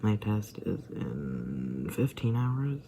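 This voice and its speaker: Low creaky voice, sick and mumbling. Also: sing-song, takes it slowly, warm tone, a little hiss or hum, low-quality recording. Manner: hesitant, trailing off, often dropping to a whisper. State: feeling sick and tired. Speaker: daily vlogger. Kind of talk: rambling personal vlog.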